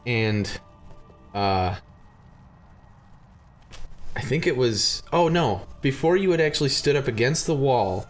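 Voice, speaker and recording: A young man casually telling a funny story on a podcast, animated and often laughing. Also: mid-range voice, slow, long pauses, soft background music. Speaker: podcast host.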